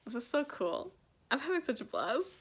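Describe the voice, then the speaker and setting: A woman's voice: high voice, sing-song, normal speed, husky. Young woman vlogger, gushing reaction talk, emotional and teary, laughs through it. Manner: gushing, filler-heavy, emotional, breaks into laughs. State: teary, on the edge of crying. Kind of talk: casual live reaction.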